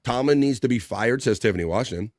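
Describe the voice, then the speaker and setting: A man hosting a casual livestream talk show, reading out viewer comments in a relaxed, rambling way with lots of fillers. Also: mid-range voice, fast, no echo, studio quality.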